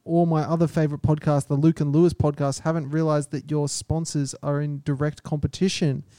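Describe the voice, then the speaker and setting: A young man co-hosts a casual podcast in a slightly raised but mellow voice. He teases his partner, laughs often and reads out listener reviews. The recording is close and dry. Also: a little high, flat delivery, a little fast, dry recording. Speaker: podcast co-host. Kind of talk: casual chat.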